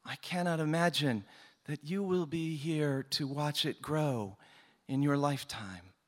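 A man voicing a stately king who speaks in a formal, measured and grave manner. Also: fairly high pitch, big-room sound, lightly acted. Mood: concerned. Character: stately, concerned male king.

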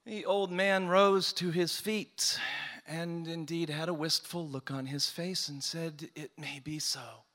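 Slow, bright-voiced male storyteller. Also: on the high side. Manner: slow, deliberate and expressive. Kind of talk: oral folk-tale storytelling.

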